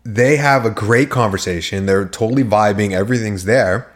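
Man retelling scenes with quick impressions. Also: on the low side. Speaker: podcast co-host. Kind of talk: casual chat.

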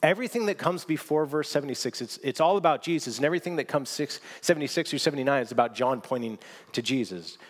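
A man preaching a sermon, telling stories with lively swings from near whispers to loud exclamations, often restarting his words. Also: medium pitch, quick pace. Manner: animated storytelling, swinging from hushed to shouting; frequent restarts and repeated words. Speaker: pastor.

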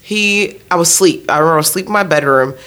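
A woman telling stories about her children in casual chat, animated and laughing often. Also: fairly low pitch, very fast. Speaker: podcast guest, mother.

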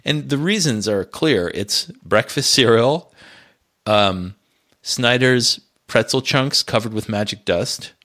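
A middle-aged man co-hosting a casual podcast chat, self-mocking and quick to laugh. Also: medium pitch, expressive, fairly bright tone. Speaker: podcast co-host.

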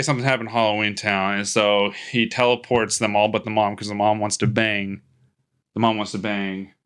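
This podcaster's lowish, fairly bright voice carries a loose, jokey movie recap. He rambles, keeps restarting, and slips into playful voices to act out what the characters say.

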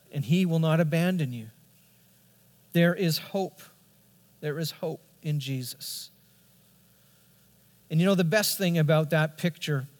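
A middle-aged man preaching a sermon as a pastor, telling a family story earnestly and building to emphatic points. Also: a little high. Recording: long reverb of a large hall.

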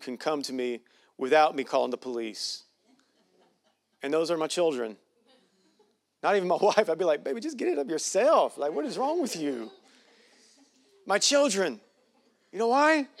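A man preaching a sermon in a folksy, joking way with playful asides. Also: on the high side. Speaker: pastor.

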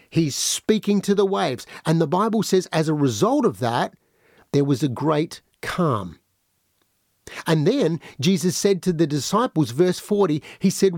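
A man's voice: fairly high pitch, no echo, studio quality. A man preaching a podcast sermon, addressing listeners directly and acting out the voices he quotes. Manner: animated, acts out quoted voices.

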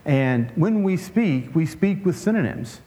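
A man preaching a conversational sermon in a relaxed way, with joking asides and frequent restarts. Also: a little high, unhurried. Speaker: pastor.

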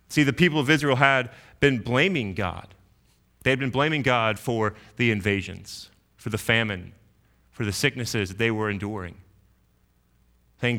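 A man's voice: mid-range voice, normal speed, sharp tone. A man preaching an expository sermon in an earnest teaching tone, often repeating words as he thinks.

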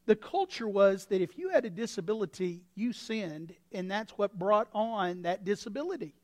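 A male pastor preaching a sermon with a folksy, anecdotal manner, swinging from quiet asides to sudden shouts. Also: high voice, animated, normal speed. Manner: impassioned, breaks into sudden shouts.

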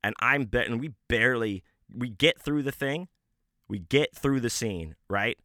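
A man's voice: medium pitch, measured pace, bright, forceful tone, no echo, studio quality. A man hosting a podcast, telling a rambling, profane story in casual talk with many restarts and fillers. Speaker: podcast host.

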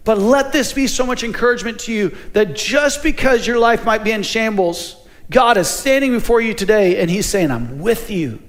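A man's voice: sits high, normal speed. A man preaching a sermon as a pastor, in a conversational way that keeps asking the congregation questions.

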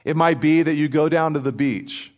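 A man preaching a sermon in an earnest, conversational way, slowing down and dropping to a near hush on his key lines. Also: fairly high pitch, highs cut off. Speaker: pastor.

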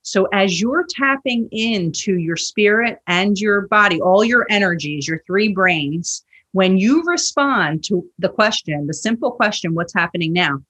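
Husky woman telling a story. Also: mid-range voice, animated, a little slow, a bit bright. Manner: earnest storytelling, acts out quoted dialogue. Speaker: guest, yoga teacher and author. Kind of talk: podcast interview.

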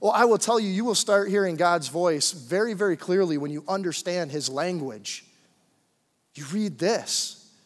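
A man's voice: high-pitched, moderate pace. A young adult man preaching a sermon to a church congregation in a loose, conversational way, with plenty of fillers and asides. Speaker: pastor. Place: church sanctuary. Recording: long hall reverb.

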